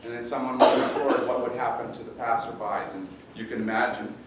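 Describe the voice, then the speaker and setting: A pastor preaching a sermon in a conversational, halting way, often repeating words. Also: male voice, mid-range voice, fairly even intonation, slight background noise. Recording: roomy echo, distant mic, faint ambience.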